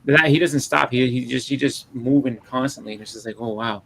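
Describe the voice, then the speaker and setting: A man with a thick Boston accent chats as a podcast host. He talks fast and circles back over his own words, and his voice has a gravelly edge. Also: medium pitch, background noise. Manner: rambling, repeats words while talking. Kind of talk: casual chat.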